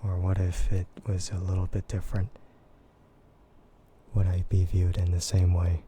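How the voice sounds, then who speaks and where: An American man chatting in a soft, gentle ASMR voice, relaxed and hesitant with frequent giggles. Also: low-pitched, normal speed, a little hiss or hum. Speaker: VTuber streamer. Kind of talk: soft-spoken ASMR chat.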